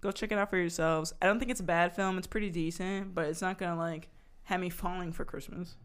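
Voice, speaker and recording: A young woman co-hosting a casual podcast, chatty, full of fillers and quick laughs. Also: lowish voice, steady tone, clean tone. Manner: chatty, laughs often, many fillers and restarts. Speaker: podcast co-host. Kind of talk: casual chat.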